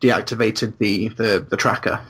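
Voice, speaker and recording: A man's voice: fairly low pitch, fairly even intonation, moderate pace, a bit bright, breathy edge. A man co-hosting a film podcast, weighing his points and often stammering over restarts in casual chat. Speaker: podcast co-host.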